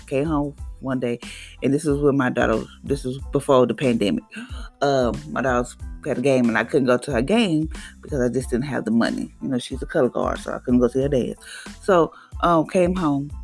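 A mother in casual personal testimony, telling an animated story and acting out the voices of others. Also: very deep voice, creaky.

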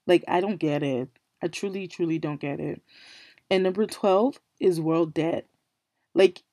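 A woman's voice: on the low side, dark tone, dry recording, clean studio sound. A woman hosting a casual solo podcast, English not her first language, rambling through puzzled questions with many fillers. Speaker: podcast host.

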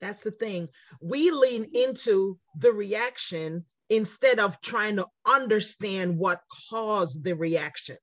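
A woman's voice: mid-range voice, animated, slow, hardly any pauses, a bit bright, no room sound. Reflective woman podcast host. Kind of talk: conversational podcast talk.

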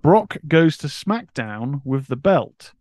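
A man co-hosting a podcast in an easygoing manner. His voice sits a little high. He reads out notes between casual chat, recorded dry and close. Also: slow, no room sound. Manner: relaxed, reads history segment. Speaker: podcast co-host.

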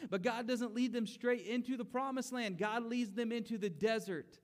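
Male preacher, high voice, conversational delivery that builds to emphatic pleas. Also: normal speed. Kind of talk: sermon.

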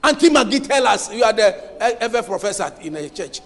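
A male pastor preaches with a strikingly high voice. He drives his points home emphatically, quizzing the congregation to complete his sentences. The sound rings with the long reverb of a church hall. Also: sing-song, moderate pace. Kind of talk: sermon.

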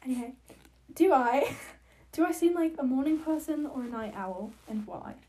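Giggly high-voiced young woman. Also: animated, moderate pace, dark tone. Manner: giggly, teasing. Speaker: podcast co-host. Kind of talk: casual chat.

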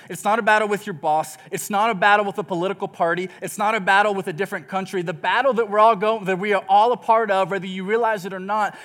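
High-voiced joking preacher from Texas. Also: male voice, a bit bright. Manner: storytelling, jokey, self-deprecating. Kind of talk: sermon with humorous story.

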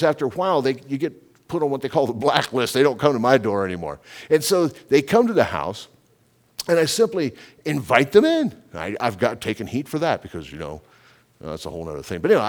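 A man in his fifties preaching a sermon, telling a folksy story and building to loud, fervent preaching. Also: lowish voice. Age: 50s. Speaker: pastor.

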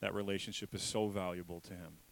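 Low-voiced man preaching with emphatic repetition. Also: little pitch movement, quick pace, vocal fry, rough recording. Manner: emphatic, repetitive, swings from loud to hushed. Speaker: pastor. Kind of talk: sermon.

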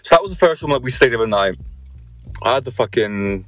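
A man's voice: mid-range voice, animated, brisk, fairly bright tone, soft background music. A young man hosting a podcast, telling a rowdy story with constant swearing and laughter. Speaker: podcast host. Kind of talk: casual storytelling chat.

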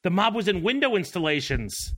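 A man's voice: sits high, very animated, a little fast, a bit bright. A man co-hosting a podcast, reading old news stories aloud in a casual, jokey way with laughing asides. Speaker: podcast co-host.

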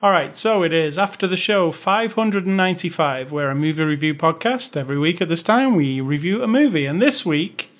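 Easygoing male podcast host, higher voice. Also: a little fast, few pauses, a bit bright. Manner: easygoing, laughs often. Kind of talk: casual chat.

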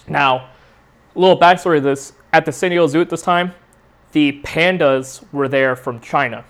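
A man's voice: fairly high pitch, fairly quick, clear, resonant tone. A young adult man hosting a podcast, telling a rambling, profane story in a casual, laid-back way. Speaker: podcast host.

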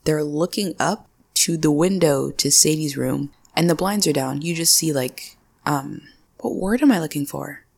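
A young woman with a low, gravelly voice hosts a solo podcast recap. She chats casually and laughs often, slipping into playful voices when she quotes characters. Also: normal speed, a little mellow. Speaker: podcast host.

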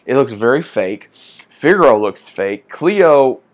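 A man talking straight to his viewers in a casual movie review. He is blunt and fed up, and he keeps circling back to the same complaints. His voice sits at an ordinary middle pitch. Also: big pitch swings, measured pace. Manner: frustrated, blunt, repetitive complaints.

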